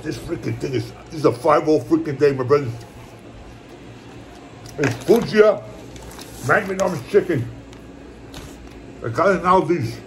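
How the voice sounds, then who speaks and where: A man in a casual home eating vlog, rambling along in a relaxed, repetitive way as he talks to his viewers. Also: a little high, unhurried, long pauses, slight background noise. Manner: laid-back, rambling, repeats "my brothers" and "puppy". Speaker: mukbang vlogger. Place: at home, indoors.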